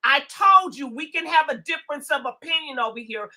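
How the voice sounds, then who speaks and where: A woman's voice: sits high, expressive, brisk, hardly any pauses, bright, forceful tone. A woman hosting a live stream, scolding chat trolls in a profane, repetitive rant. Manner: profane, scolding, repeats words. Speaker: livestream host. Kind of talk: angry livestream rant.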